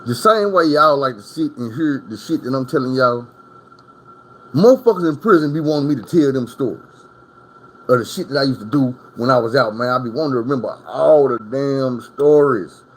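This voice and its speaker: Man, middle-pitched voice, casual storytime vlogger: profane, rambling, talks straight to his viewers. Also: lively intonation, a little fast. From Arkansas. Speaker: storyteller recounting prison stories.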